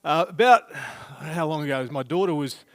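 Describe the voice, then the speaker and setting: Middle-aged male preacher, slightly high voice, dry close sound, casual storytelling sermon. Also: fast talker, fairly bright tone, no room sound. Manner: chatty, self-deprecating storyteller. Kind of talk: sermon with humorous anecdote. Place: church.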